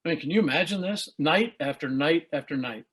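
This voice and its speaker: An American man in his sixties speaks over a video call, his voice pitched a little high for a man. He tells leadership stories earnestly and grows emotional at times. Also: lively intonation, brisk, a bit bright, breathy edge, low-quality recording. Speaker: guest speaker.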